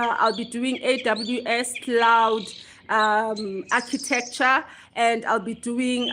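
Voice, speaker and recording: A woman's voice: on the high side, background noise. A woman in her forties, a bit out of breath, hosting a casual livestream chat into her phone and greeting viewers by name. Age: 40s. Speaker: livestream host. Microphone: phone held close.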